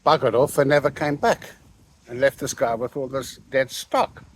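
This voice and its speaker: A man's voice: mid-range voice, normal speed, slight background noise. An older man, an interview guest who tells stories and acts out the voices of the people in them. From South Africa. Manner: animated, acts out the quoted lines. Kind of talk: anecdotal storytelling.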